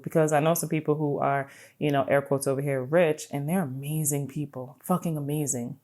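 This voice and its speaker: A woman hosting a podcast, giving an animated, casual motivational talk, swearing freely and checking in with "right?". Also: sits low, moderate pace, hardly any pauses. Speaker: podcast host.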